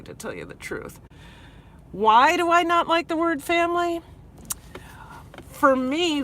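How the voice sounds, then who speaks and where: Woman, Minnesota accent, bright tone; rambling live-stream chat from her car. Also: on the high side, slight background noise. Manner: chatty, rambling, talks to viewers directly. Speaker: vlogger. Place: inside a car.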